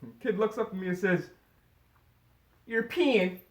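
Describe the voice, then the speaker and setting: A man's voice: high voice, quick pace. A man doing a first-time stand-up comedy set, rambling with lots of fillers and chuckling through his lines. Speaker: stand-up comic. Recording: echoey room with noise.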